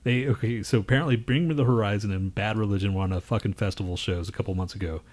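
A man's voice: on the low side, fast talker, darkish tone. A man co-hosting a casual podcast chat, ranting, swearing constantly and laughing often. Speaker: podcast co-host.

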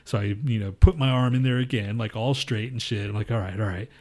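A man's voice: medium pitch, a little fast. Rambling profane man telling a story. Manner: rambling, profane, animated retelling. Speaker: podcast co-host. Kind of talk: casual crude storytelling.

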